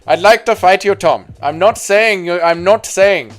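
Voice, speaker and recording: A man's voice: high-pitched, unhurried, soft background music, voice pushed up. A man putting on an Indian accent to play a courteous male heavyweight fighter who keeps repeating the other man's name. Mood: polite. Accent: put-on Indian.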